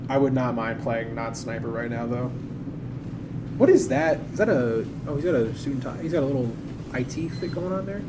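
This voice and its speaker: Streaming a shooter game, a man rambles through live gameplay commentary, poking fun at his own play as he talks over the action. He speaks briskly in a mid-range voice against a noisy background.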